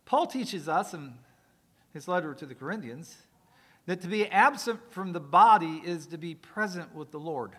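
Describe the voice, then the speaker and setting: A male preacher giving a sermon, swinging from loud emphatic lines to quiet asides and joking with the congregation. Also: fairly high pitch, lively intonation, moderate pace.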